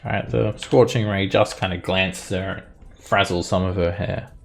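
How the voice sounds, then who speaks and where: Man, dungeon master, low gravelly voice, soft music behind. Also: normal speed, slight background noise. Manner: relaxed, many fillers while narrating. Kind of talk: narrating a tabletop game.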